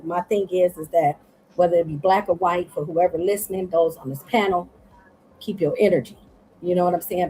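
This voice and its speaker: A woman's voice: fairly low pitch, mellow, a little hiss or hum, low-quality recording. A tired woman speaking earnestly on an online panel call, rambling and repeating herself as she makes her points. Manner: earnest, rambling, repeats "you know what I'm saying". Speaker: panel guest. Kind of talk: casual live panel discussion. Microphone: online call audio.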